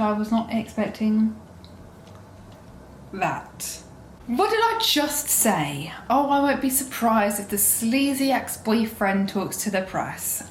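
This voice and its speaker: A young woman reacting out loud to a book she is reading, exasperated, swearing and scolding the characters, sometimes dropping to a whisper. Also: mid-range voice, slight background noise. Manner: drops into whispers at times. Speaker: book vlogger. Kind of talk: casual reading vlog reactions.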